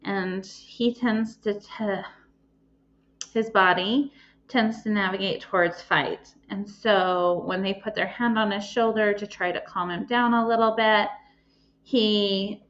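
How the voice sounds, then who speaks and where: A woman hosting her own podcast, telling a personal story with emotion and plenty of pauses and ums. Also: mid-range voice, fairly even intonation, fairly bright tone, lo-fi sound. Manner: emotional, pausing, many ums. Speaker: podcast host and life coach.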